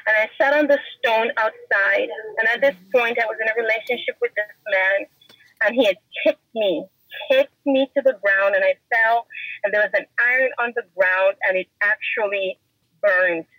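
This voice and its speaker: A woman's voice: on the high side, moderate pace, dry recording, lo-fi sound. A woman guest giving an earnest, emotional personal testimony in an interview. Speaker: podcast guest.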